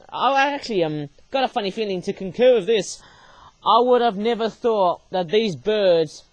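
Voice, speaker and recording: Young male host, casual rambling review delivery, slightly high pitch, dry recording. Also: no room sound. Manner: rambling, ends phrases with tag words. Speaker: channel host reviewing his own origami toys.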